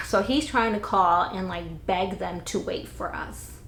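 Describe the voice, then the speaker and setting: A woman's voice: medium pitch, slow pace, a bit bright, slight background noise. A young woman vlogger telling a casual, blunt storytime with some swearing, recorded indoors on a camera-mounted mic. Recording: roomy echo.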